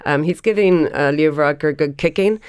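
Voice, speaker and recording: A woman giving crisp, pointed political analysis on a radio panel. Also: deep voice, fairly quick, darkish tone, no room sound, studio quality. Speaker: political commentator.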